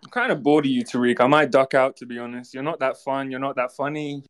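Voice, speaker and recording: A man's voice: mid-range voice, fairly even intonation, fast. A man with a European accent calling in to a radio show, taunting and swearing at the host. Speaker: caller. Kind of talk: heated call-in argument.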